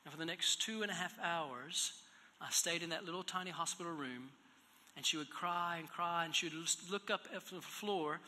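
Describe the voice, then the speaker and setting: A man preaching in a church, telling a personal story, moving from hushed, low passages to loud, raised exhortation. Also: normal speed. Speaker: pastor. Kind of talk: storytelling sermon. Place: church hall. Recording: echoey hall reverb.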